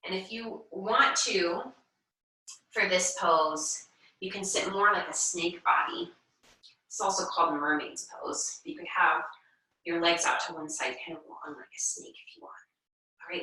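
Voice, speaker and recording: A woman leading a children's yoga class, talking slowly and gently and encouraging the kids with chants and animal sounds. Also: on the low side. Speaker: kids' yoga teacher. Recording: echoey room, mic far off.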